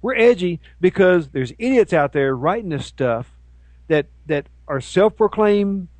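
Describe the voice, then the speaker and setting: Man, co-host, ranting banter, slightly high voice, dry close sound. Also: unhurried, dry recording. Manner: ranting, animated, mocks with put-on voices. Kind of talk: casual chat show banter.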